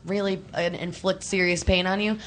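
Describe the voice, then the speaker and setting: A young woman co-hosting a casual call-in chat. She talks in an animated, chatty way and laughs easily, and she sounds emotional, near tears. A faint hiss sits behind her voice. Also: on the low side, moderate pace. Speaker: co-host.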